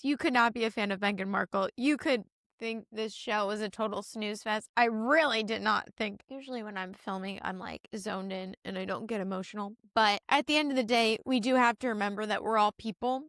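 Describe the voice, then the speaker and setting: A woman's voice: a little high, a bit bright, no room sound, clean studio sound. A young woman in a casual opinion vlog, chatty and candid, with her talk peppered with "like". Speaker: YouTube commentator.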